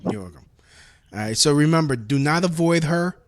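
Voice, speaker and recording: A man's voice: a little high, animated, fairly quick, no room sound. A man hosting a casual podcast and taking a caller, joking crudely, swearing and laughing. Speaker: podcast host. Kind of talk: casual chat taking a call-in.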